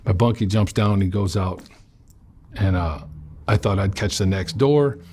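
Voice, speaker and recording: A man recounting a personal story in an interview, blunt and profane, often halting and restarting mid-sentence. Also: deep voice, darkish tone, slight background noise. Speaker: interview guest.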